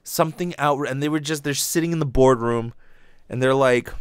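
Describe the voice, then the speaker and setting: A man's voice: mid-range voice, a little fast, clear, resonant tone, no echo, clean studio sound. A man from Hawaii hosting a casual solo podcast, rambling and swearing freely as he rants. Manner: rambling, profane, animated. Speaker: podcast host.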